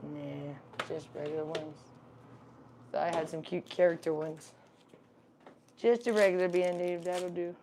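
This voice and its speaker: Woman chatting on her livestream, kinda low gravelly voice, mellow, keeps fussing over her bunny. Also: steady tone, a little slow, pauses often, slight background noise. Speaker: livestream host. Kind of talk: casual livestream chat.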